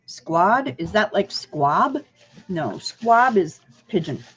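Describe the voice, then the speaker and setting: A woman's voice: mid-range voice, very animated, husky. A woman co-hosting a casual livestream from a diner booth, joking dryly and sometimes talking with her mouth full. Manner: slow, dry and joking, chewing food while talking. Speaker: livestream co-host. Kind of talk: casual chat. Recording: dull lo-fi livestream audio.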